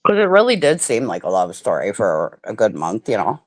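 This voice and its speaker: A woman chatting casually on a livestream, animated and swearing freely as she tells stories. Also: a bass voice, a little fast, no room sound. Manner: animated, swearing, talks with mouth full. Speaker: livestream guest. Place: home.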